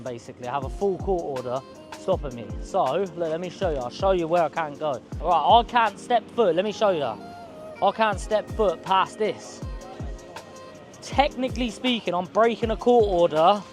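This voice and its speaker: A man, telling a rambling, slangy story to camera outdoors on a city street. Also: fairly high pitch. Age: 20s. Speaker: vlogger.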